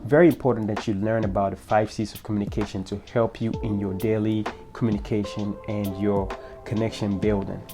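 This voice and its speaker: A man's voice: on the low side, level tone, brisk, music in the background. A man hosting his own channel, giving a motivational talk in an earnest, instructive way that speaks straight to the listener. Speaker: host of a self-improvement channel.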